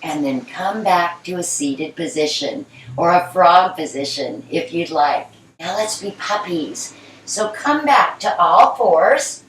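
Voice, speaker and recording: Woman leading kids yoga, slow and gentle, kinda far off in an echoey room. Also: on the low side, lively intonation, a little hiss or hum. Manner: gentle, encouraging, playful with animal sounds. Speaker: yoga instructor. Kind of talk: guiding a kids' yoga class.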